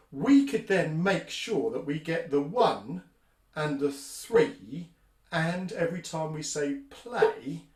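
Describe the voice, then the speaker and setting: A man's voice: a little high, a bit bright. A man hosting a percussion workshop, upbeat and explaining the instruments step by step. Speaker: workshop host. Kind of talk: music workshop teaching. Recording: roomy echo.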